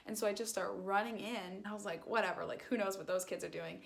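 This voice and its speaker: A woman's voice: mid-range voice, fast, gravelly. A young woman telling a casual storytime, rambling with lots of fillers and acting out quoted lines. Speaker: vlogger.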